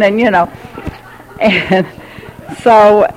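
A woman's voice: lowish voice, normal speed, rough recording. A woman giving a candid personal testimony, often laughing as she talks. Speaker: speaker sharing her recovery story.

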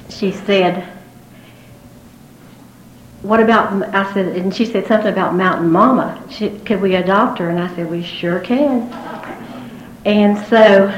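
A woman's voice: mid-range voice, a little hiss or hum. A woman from West Virginia introducing a speaker at a meeting, chatty and homespun. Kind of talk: casual introduction. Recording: echoey, dull room sound.

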